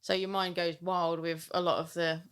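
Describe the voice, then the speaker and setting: A woman's voice: on the low side, flat delivery, moderate pace, slight background noise. A woman guest on a podcast, answering questions in short, upbeat replies and laughing easily. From England. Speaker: detailer guest. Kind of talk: casual podcast interview.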